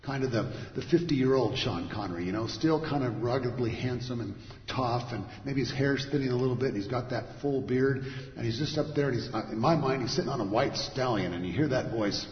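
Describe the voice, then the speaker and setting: A man preaching a sermon in a church, moving between loud declarations and hushed asides. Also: medium pitch, a little fast. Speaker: pastor. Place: church sanctuary. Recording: dull, echoey recording in a large hall.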